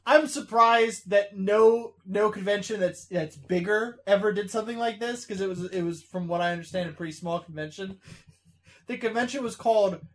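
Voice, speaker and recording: A podcast co-host in casual chat who jokes, laughs and comes back with quick retorts. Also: medium pitch.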